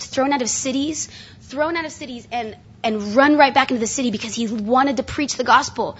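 At a conference seminar, a woman preaches earnestly but casually, restarting her sentences often in a conversational sermon. Her voice is a little high, with a breathy edge. The recording sounds dull and lo-fi.

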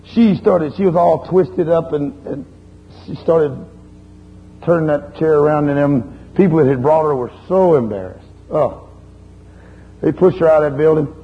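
Preacher guy telling a story from the pulpit, gravelly voice, pitch jumping all over, kinda muffled old recording w/ faint hum. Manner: animated, folksy storytelling, chiding the congregation. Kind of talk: sermon.

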